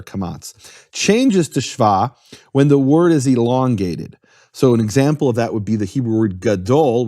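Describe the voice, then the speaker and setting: A man's voice: mid-range voice, a little mellow, no room sound. A man with a mid-range voice talks through a topic in an earnest, explanatory way, defining each term as he goes. The sound is dry and close, with no room around it. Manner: earnest, explanatory, spells out terms. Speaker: guest explaining Hebrew. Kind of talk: conversational explanation.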